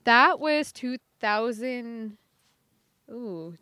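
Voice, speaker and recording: A woman's voice: on the high side, expressive, bright, forceful tone, clean tone, dry recording, clean studio sound. A woman from New York, a singer on a podcast, talking in a chatty way full of "like". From New York, United States. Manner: chatty, lots of "like", quick to laugh off jokes. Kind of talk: casual interview chat.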